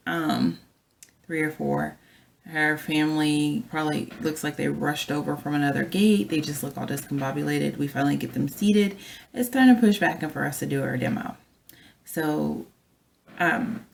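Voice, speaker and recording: A flight attendant, a woman, telling a story from work in a chatty, animated way and talking straight to her viewers. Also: sits low, vocal fry. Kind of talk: casual storytelling vlog.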